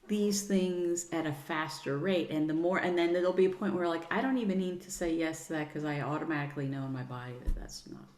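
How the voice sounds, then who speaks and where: A middle-aged woman, a guest on a podcast, talking in an earnest, soothing way and using gentle pet names. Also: low voice, brisk, few pauses. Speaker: podcast guest, sound healer. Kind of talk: casual interview chat. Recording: roomy echo.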